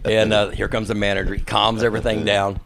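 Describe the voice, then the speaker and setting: Gravelly storyteller man. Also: fairly low pitch, fast talker, a little hiss or hum. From Texas. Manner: lively raconteur acting out quoted people. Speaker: podcast guest. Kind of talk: casual storytelling.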